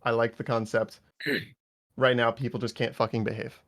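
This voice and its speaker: A man's voice: mid-range voice, flat delivery, moderate pace, a bit bright. Stern angry man scolding his unit. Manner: blunt, angry scolding with swearing. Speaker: unit staff giving an after-action debrief. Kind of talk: stern after-action debrief.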